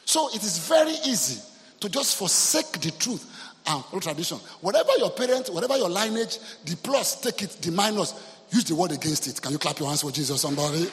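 A man with a Nigerian accent preaching a sermon, telling a story in an animated way and mixing in Yoruba phrases. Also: high voice, fairly quick, long reverb tail. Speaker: pastor. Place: church hall.

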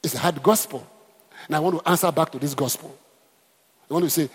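Husky preacher in echoing hall. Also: male voice, fairly high pitch, fairly quick. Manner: emphatic with repetitions and calls to the congregation. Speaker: pastor. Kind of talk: sermon.

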